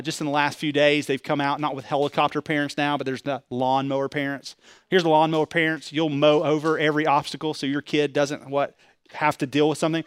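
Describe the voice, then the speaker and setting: A pastor preaching a sermon with animated delivery, asking the congregation rhetorical questions and pushing his voice up loud. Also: fairly high pitch, clear, resonant tone, no echo, studio quality.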